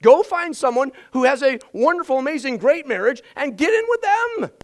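A pastor preaching with a notably high voice and plenty of energy. He drives his points home by repeating key phrases, and his voice sounds a little strained from shouting the day before. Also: moderate pace, poor audio. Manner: energetic, emphatic repetition. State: voice strained from yelling. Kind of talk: sermon.

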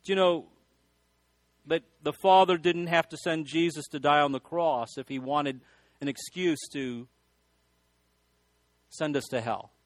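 A man's voice: fairly high pitch, unhurried, long pauses, no room sound. A male pastor preaching a sermon, telling folksy stories and often restarting his sentences. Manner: folksy storytelling with repeated restarts.

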